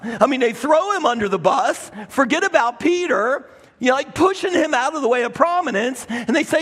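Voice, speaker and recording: At a normal speed, a male pastor preaches a sermon in a church sanctuary, using a high, husky voice that alternates between loud bursts and hushed asides. He animates the story with lively emphasis, and the long reverb of the room comes through his clip-on microphone.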